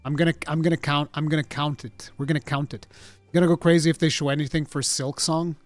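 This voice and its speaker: A man streaming from home, chatting casually with a rambling, profane, mock-indignant manner that swings from mumbles to loud outbursts. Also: on the high side, level tone, fast, dry recording, soft background music. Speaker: streamer reacting to a game showcase. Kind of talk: casual livestream chat.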